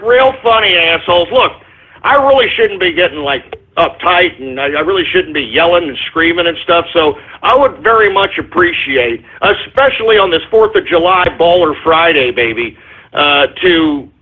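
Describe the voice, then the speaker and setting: A man's voice: high voice, husky. A man hosting his own talk radio show, ranting crudely and getting agitated, with constant "you know" and "all right?" asides. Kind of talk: solo talk radio rant with listener shout-outs. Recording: tinny phone-like line.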